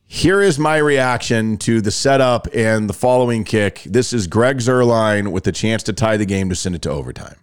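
A man's voice: lowish voice, normal speed, hardly any pauses, smooth. A man hosting a casual sports podcast, chatty and often laughing as he introduces clips. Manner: chatty, laughing, animated storyteller. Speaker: podcast host.

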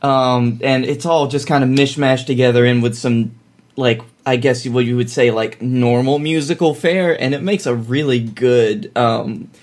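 A man co-hosting a casual theater podcast, talking with many fillers and pauses about a musical he loves. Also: medium pitch, a little mellow. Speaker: podcast co-host. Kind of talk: casual chat.

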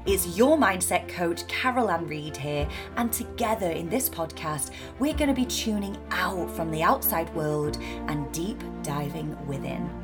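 Female podcast host reading a scripted intro, slightly low voice, music clearly playing under her. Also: expressive, unhurried, few pauses.

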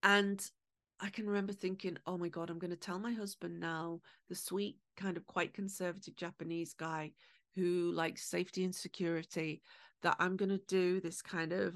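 A woman's voice: lowish voice, flat delivery, fairly bright tone, dry recording. A middle-aged woman hosting a podcast, telling personal stories in a candid, emotional way. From England. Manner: emotional, candid, with swearing and quick asides. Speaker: podcast host. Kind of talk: personal storytelling monologue.

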